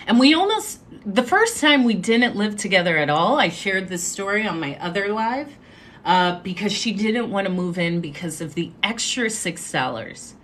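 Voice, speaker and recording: Woman, livestream host, casual storytelling, chatty, animated. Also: mid-range voice, normal speed, slight background noise. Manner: chatty, animated, asides to viewers. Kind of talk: casual storytelling on a live stream.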